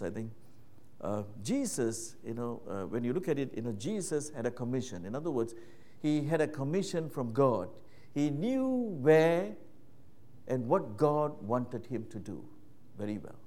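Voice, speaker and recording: A man delivers a sermon in a chatty style, peppering it with "you know" and "right?". His voice swings between quiet, low murmurs and loud, raised stretches.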